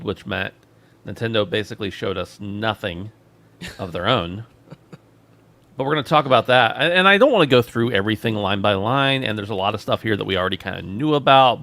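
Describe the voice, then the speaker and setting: A man's voice: lowish voice, a bit bright, dry recording. A man hosting a gaming podcast, chatting casually and joking around as he runs the show. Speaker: podcast host.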